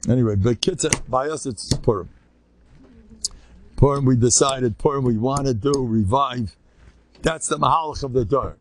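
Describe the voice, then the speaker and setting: An older man, a rabbi, telling stories to a live audience in an animated, joking way, acting out the people he quotes and mixing in Hebrew and Yiddish terms. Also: mid-range voice, normal speed, pauses often, noisy background. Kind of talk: storytelling talk to a live audience.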